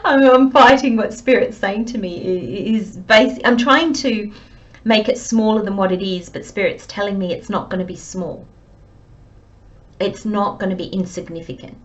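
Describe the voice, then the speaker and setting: A woman's voice: medium pitch, moderate pace, lo-fi sound. A woman giving a channelled tarot reading, talking earnestly and emphatically straight to the listener. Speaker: tarot reader.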